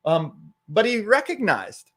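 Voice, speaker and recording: A man's voice: sits high, big pitch swings, takes it slowly, a bit bright. A man co-hosting a live virtual event, giving an enthusiastic, conversational recap of the last session. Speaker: event co-host.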